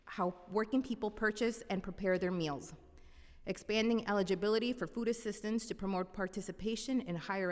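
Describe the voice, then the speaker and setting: A woman with a mid-range voice reads prepared testimony to a council committee. Her delivery is steady and formal, as written remarks tend to be. A long reverb from the large hearing room trails each phrase. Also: mid-range voice. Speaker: executive chef testifying.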